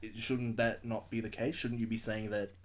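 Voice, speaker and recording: A man co-hosting a casual comedy podcast, making playful deadpan wordplay. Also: lowish voice, normal speed. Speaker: podcast co-host.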